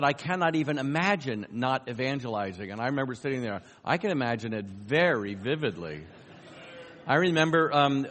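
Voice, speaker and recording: A middle-aged man from New York with a light American accent, giving a conference talk with dry, self-deprecating humor and halting restarts. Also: medium pitch, fairly bright tone. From New York, USA. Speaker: guest speaker on evangelism. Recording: long hall reverb.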